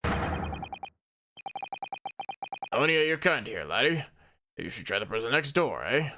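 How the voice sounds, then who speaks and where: A man voicing a gruff, hostile Scottish prison governor who threatens his visitors. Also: mid-range voice, very animated, measured pace, heavy background noise. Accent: put-on Scottish.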